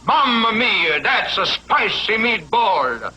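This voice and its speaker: A man's voice: high-pitched, sing-song, slow pace, full character voice. An actor playing a man in an old commercial, speaking with an exaggerated Italian accent. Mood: hammy. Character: male actor in an old commercial flubbing his line. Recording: noisy old TV audio.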